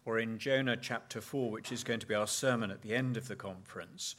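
A man's voice: lowish voice, a little fast, fairly bright tone, a little hiss or hum. A man speaking at a conference, teaching on Bible passages in a thoughtful way and often repeating words as he searches for his phrasing.

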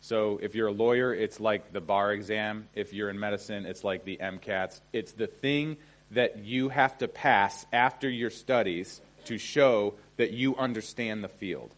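A man's voice: fairly low pitch, unhurried. A middle-aged man preaching a sermon in a conversational way, often checking in with his listeners. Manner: conversational, often asks "okay?". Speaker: pastor.

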